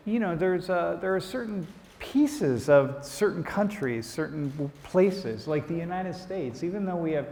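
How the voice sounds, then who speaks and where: A man's voice: a little high, darkish tone. A man, a visiting professor, leading a discussion with students in a lecture hall and often restarting his sentences. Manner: rambling, restarts mid-sentence.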